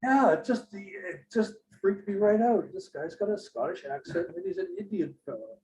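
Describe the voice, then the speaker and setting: A man in casual chat, telling anecdotes in an animated way. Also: high voice, moderate pace, rough recording. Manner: animated storyteller.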